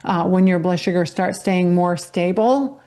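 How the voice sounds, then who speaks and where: A woman's voice: lowish voice, a little slow, dark tone. A woman who is a guest health educator, explaining things in an earnest, encouraging way. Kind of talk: casual explanatory chat.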